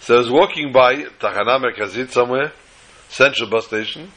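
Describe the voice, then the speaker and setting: A man and religious teacher, telling humorous stories in a sermon with lively delivery. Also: medium pitch, a little fast, rough recording. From United States. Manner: animated storyteller, shifts between voices. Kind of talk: storytelling sermon with jokes.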